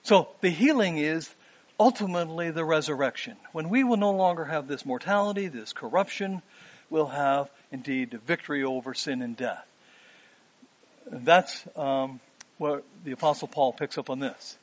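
Man, sermon, fifties, earnest, pauses with um, slightly high voice. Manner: earnest, rising emphasis with frequent "um" pauses. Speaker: preacher.

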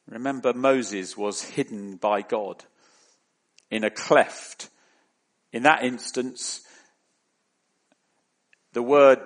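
A man preaching a sermon in a measured, deliberate way, rising into emphatic questions. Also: medium pitch.

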